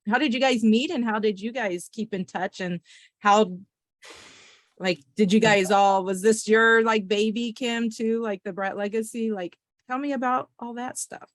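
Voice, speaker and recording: A woman's voice: fairly high pitch, normal speed, dry recording. Chatty woman host, dry close sound. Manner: chatty, lots of "like". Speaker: podcast host. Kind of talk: casual conversation.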